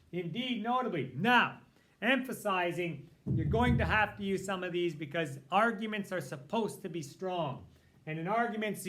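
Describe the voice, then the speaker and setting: High, bright-voiced male writing teacher. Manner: relaxed, thinking aloud with fillers. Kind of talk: recorded lesson walkthrough.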